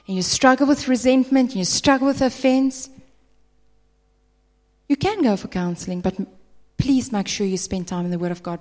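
A woman's voice: medium pitch, long reverb tail. Emphatic South African woman preaching. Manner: emphatic, animated, acts out people's voices. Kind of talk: sermon.

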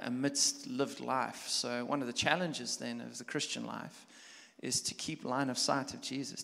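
Pastor preaching in an echoing hall. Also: male voice, mid-range voice, gravelly. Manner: conversational, builds from quiet musing to loud animated storytelling. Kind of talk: sermon. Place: church hall. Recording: long church hall reverb.

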